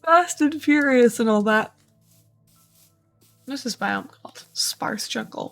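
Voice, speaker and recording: A bright-toned woman with a fairly high voice chats her way through a game stream, rambling and talking to herself, tired from little sleep. Faint music plays under her voice. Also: expressive, slow pace, vocal fry, pauses often. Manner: chatty, rambling, self-talking. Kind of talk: casual gameplay commentary.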